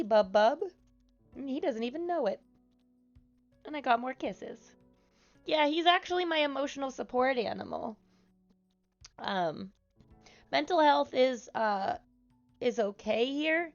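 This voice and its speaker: A woman live streaming from the office room of her apartment over a headset mic, chatting slowly and softly with viewers and cooing to her pet. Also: high voice, animated, lo-fi sound, faint music behind. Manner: slow, soft-spoken and chatty, cooing baby talk to her pet. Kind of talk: casual live-stream chat. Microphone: headset microphone.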